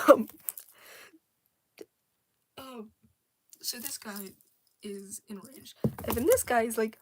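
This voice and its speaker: A woman's voice: on the high side, takes it slowly, long pauses, slight background noise. A young woman casually rambling about her original characters, with many fillers, restarts and giggles. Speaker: storyteller.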